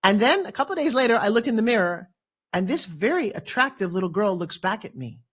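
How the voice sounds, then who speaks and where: A woman in her fifties, a motivational speaker, telling a personal story as a talk show guest with dramatic, animated delivery. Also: medium pitch, fast talker, breathy edge. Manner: animated, dramatic storyteller who acts out quotes.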